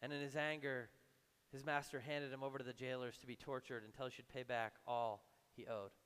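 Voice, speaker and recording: A man preaching a sermon in a conversational way, acting out imagined voices and dropping low and soft for emphasis. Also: little pitch movement, a little fast, clear, resonant tone, long reverb tail. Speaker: pastor.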